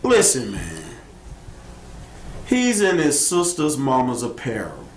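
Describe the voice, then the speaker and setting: A man co-hosting a casual talk show and giving his opinions, with loud laughing outbursts. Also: medium pitch, wildly swooping pitch, slow pace. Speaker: co-host. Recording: roomy studio with faint background noise.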